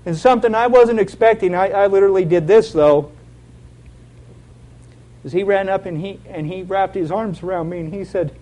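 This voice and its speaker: A man's voice: high voice, moderate pace, dark tone, poor audio. A man giving an earnest, heartfelt sermon with a personal testimony. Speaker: lay preacher.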